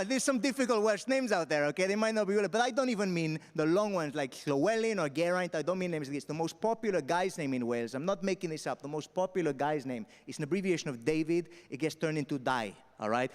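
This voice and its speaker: A young man raised in Spain tells stand-up stories on a festival stage at a quick clip. His voice sits a little high for a man. He is punchy and keeps checking in with "all right?", and the sound carries a long hall reverb. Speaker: stand-up comedian.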